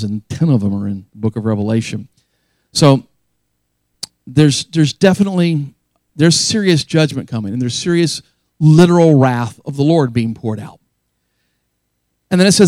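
A man's voice: on the high side, darkish tone, no echo. Earnest, emphatic male pastor preaching. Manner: earnest, emphatic, repeats key phrases. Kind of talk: sermon.

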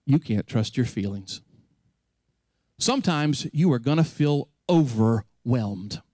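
A man's voice: mid-range voice, lively intonation, takes it slowly, darkish tone, dry recording, clean studio sound. A man preaching a sermon to his congregation, retelling a scripture story with vivid, dramatic delivery. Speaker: pastor.

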